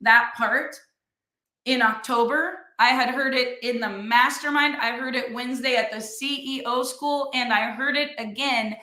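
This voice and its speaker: A middle-aged woman giving a motivational talk, telling animated stories and acting out what others say, with "like" in nearly every sentence. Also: fairly high pitch, a little slow. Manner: animated storytelling, acts out other people's lines; says "like" constantly. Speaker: motivational speaker and business leader. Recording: roomy echo.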